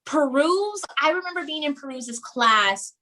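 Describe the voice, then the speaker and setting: A young woman from New York, a guest telling stories in a casual interview, animated and often repeating words. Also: sits high, unhurried. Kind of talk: casual chat.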